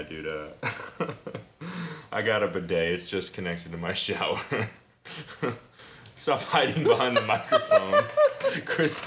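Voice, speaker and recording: Low voiced guy cussing and laughing through podcast chat, slight hiss behind. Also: fairly bright tone. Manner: crude, laughing, rambling. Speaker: podcast co-host. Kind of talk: casual chat. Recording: echoey room, faint noise.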